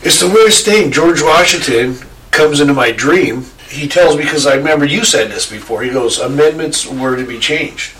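A man's voice: on the high side, expressive, normal speed, a bit bright. A man telling a rambling story to a friend, laughing and swearing casually. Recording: echoey room, distant mic, faint noise.

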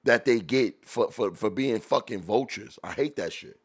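A man hosting a podcast, reacting to old videos in blunt, profane casual chat, laughing loudly as he jokes, into a studio mic. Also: on the low side, lively intonation, normal speed, husky. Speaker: podcast host.

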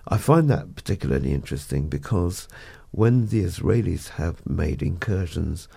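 Gravelly deep-voiced radio host. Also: male voice, animated, moderate pace, dark tone. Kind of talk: news reading, then studio discussion. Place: radio studio.

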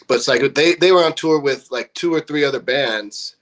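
A man's voice: mid-range voice, normal speed. A young man from California in a band, casually telling a story full of swearing and acted-out quotes. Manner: profane, animated storyteller acting out quotes. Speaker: band member.

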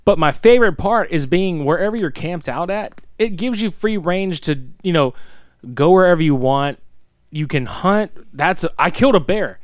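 A laid-back young man in a gaming chat, profane and quick to laugh. His voice sits a little high and sounds smooth. It is recorded dry and close. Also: lively intonation, dry recording. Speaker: podcast co-host.

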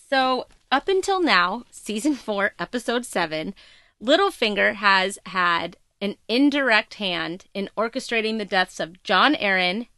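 A woman co-hosting a podcast, recapping a TV episode in casual, emphatic, animated storytelling. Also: mid-range voice, clear, resonant tone, dry recording, studio quality. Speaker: podcast co-host.

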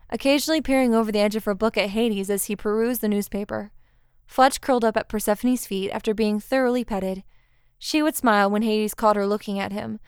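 Woman narrator, smooth and slightly high, dry close sound; calm storybook read. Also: no room sound.

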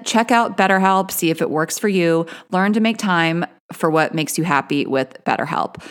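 A woman reading a sponsor ad on a podcast in an upbeat, earnest tone. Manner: upbeat, earnest sales pitch. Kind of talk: host-read ad.

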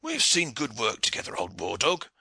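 Guy doing a blunt hearty old archer, throws in french oaths, bright lively voice. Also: mid-range voice, moderate pace, gravelly, breathy edge, no echo, pitched above the performer's own voice, exaggerated voice. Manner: boisterous, sprinkled with French oaths. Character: veteran male English archer, hearty and blunt.

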